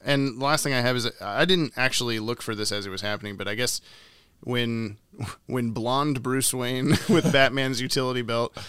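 A man's voice: mid-range voice, steady tone, normal speed, a bit bright, clear, resonant tone, no echo. A young man co-hosting a podcast, chatting casually and laughing often. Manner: laughs often, tries funny voices. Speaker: podcast co-host. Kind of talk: casual chat.

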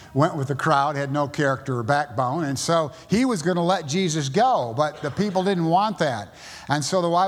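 A male pastor with a Southern US accent, preaching a sermon and driving his points home with emphatic high bursts. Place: church sanctuary. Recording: long church reverb.

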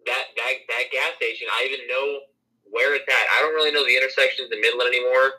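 A young man co-hosting a podcast, telling stories in an animated way and swearing freely. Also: medium pitch, fast talker, husky, poor audio. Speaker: podcast co-host. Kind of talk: casual storytelling.

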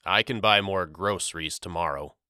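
A man's voice: low-pitched, normal speed, sharp tone, clear, resonant tone, no echo, studio quality. A man voicing a middle-aged father who stammers and mutters evasively in a storybook reading. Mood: awkward.

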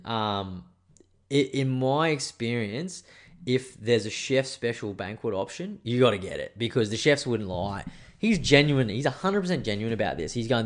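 Australian man, casual monologue, swearing, rambling, self-mocking, mid pitch. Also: lively intonation, moderate pace.

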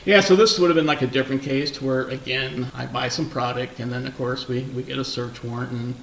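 Gravelly man telling stories in an echoey room. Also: medium pitch, brisk. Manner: relaxed anecdotal storytelling with laughs. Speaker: interview guest, former undercover narcotics officer. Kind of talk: casual storytelling interview. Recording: echoey room, distant mic, faint noise.

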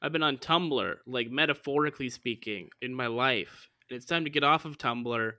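A man's voice: medium pitch, moderate pace, sharp tone, dry recording, clean studio sound. Incredulous man hosting a comedy podcast. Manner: incredulous, exasperated interviewer. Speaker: podcast host. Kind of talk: improvised comedy podcast sketch.

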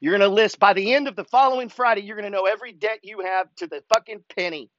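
A man with a fairly high voice delivers a pushy, profanity-laced motivational rant as a show host. The sound is dry and slightly dull. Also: fast, a bit bright, dry recording. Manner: swears constantly, pushy, fired-up. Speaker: host reading follower emails.

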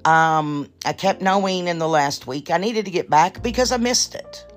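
A woman hosting her own podcast in casual chat, blunt and profane, a little nervous and halting. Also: lowish voice, soft background music. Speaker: podcast host.

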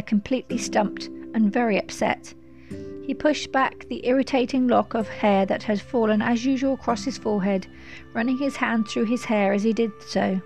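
Woman storyteller, fairly high voice, measured expressive reading.

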